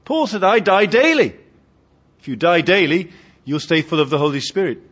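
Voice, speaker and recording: A man's voice: on the high side, brisk, a bit bright, husky. A man preaching a sermon with humour, asking his congregation questions, on a dull lo-fi recording. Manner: humorous, asks the congregation questions.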